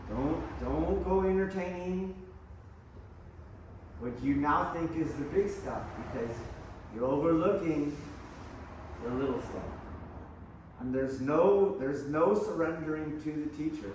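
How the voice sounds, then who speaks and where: A man's voice: fairly high pitch, slow, long pauses, darkish tone, slight background noise. A man teaching an aikido class, blunt and profane, pressing his students with challenging questions. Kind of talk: mat-side teaching talk. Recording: very echoey hall, voice from far off.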